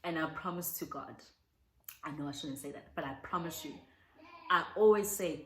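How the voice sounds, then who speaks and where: A woman's voice: deep voice, moderate pace, roomy sound, low-quality recording. A young South African woman chatting heartfelt and casual as she answers viewer questions, slipping in Zulu words. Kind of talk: casual Q&A chat.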